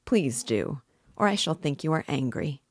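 A woman's voice: deep voice, lively intonation, moderate pace, dry recording, clean studio sound. Woman reading as a sly jovial police investigator. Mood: fussy. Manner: fussy, cajoling, laughing.

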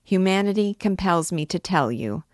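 A woman reading aloud who voices a calm male interrogator with a falsely benevolent manner. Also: on the low side, dry recording, clean studio sound, pitched above the performer's own voice, lightly acted. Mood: grave. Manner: measured, coolly benevolent. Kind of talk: audiobook reading.

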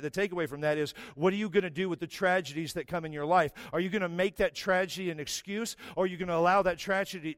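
High-voiced preacher telling stories. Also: male voice, dry recording, clean studio sound. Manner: storytelling, self-mocking, rising to emphatic preaching. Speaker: pastor. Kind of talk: sermon with personal stories.

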